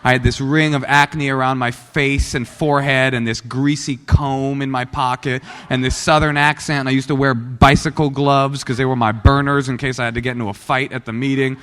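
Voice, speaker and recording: A man's voice: mid-range voice, level tone, normal speed, few pauses, a bit bright, clear, resonant tone. Joking man in an echoing meeting hall. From Oakland, California. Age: 40s. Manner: joking, self-deprecating storyteller. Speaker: guest speaker at a recovery meeting. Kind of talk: personal recovery talk to a live audience. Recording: long hall reverb.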